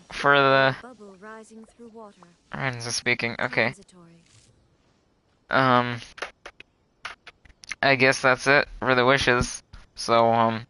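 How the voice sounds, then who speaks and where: A young man streaming a game live, chatting casually and groaning loudly when his luck turns bad. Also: medium pitch, smooth, low-quality recording.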